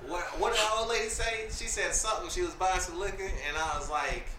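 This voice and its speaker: Animated high-voiced man, off-mic and roomy. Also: a little fast, recorded from a distance, noisy background. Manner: animated, profane, laughs a lot. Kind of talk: casual chat, storytelling.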